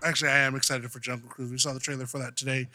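A man's voice: mid-range voice, little pitch movement, very fast, bright, forceful tone. A man co-hosting a casual chat, talking frankly with loose swearing and stumbling restarts. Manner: frank, swears freely, stumbles over words. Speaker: podcast co-host.

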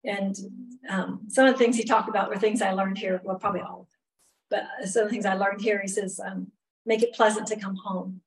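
A woman's voice: mid-range voice, steady tone, fairly quick. Middle-aged woman, leading a women's Bible lesson; candid and conversational, recorded from a little way off the mic. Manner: chatty, candid, lots of "you know" asides. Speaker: women's Bible study teacher. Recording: voice a bit far from the mic.

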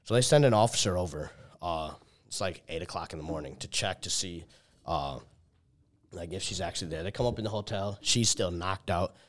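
Speaking fairly quickly in a low voice, a young man relates a long personal story casually. He peppers it with "like" and swearing, restarts often, and acts out people's words as quoted dialogue.

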